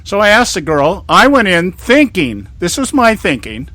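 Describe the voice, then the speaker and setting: High, bright-voiced man telling a story. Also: normal speed, dry recording. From California. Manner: animated storytelling, acts out quoted exchanges; laughs often at his own stories. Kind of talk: casual political chat.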